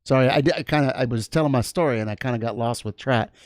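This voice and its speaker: A man in casual chat on his own livestream, drifting through a story with asides and restarts. His pitch sits in an ordinary middle range, and the sound is dry and close, with no room echo. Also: quick pace. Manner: rambling, frequent restarts and asides. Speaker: livestream host.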